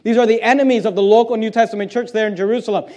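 A man's voice: high voice, fairly even intonation, racing, darkish tone. A man preaching a sermon as pastor, reading scripture aloud and building to emphatic, raised passages.

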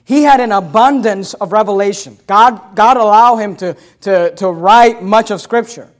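A man preaching a sermon as pastor, emphatic and repetitive, swinging between loud declarations and hushed asides. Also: sits high, moderate pace. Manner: emphatic preaching with repeated phrases.

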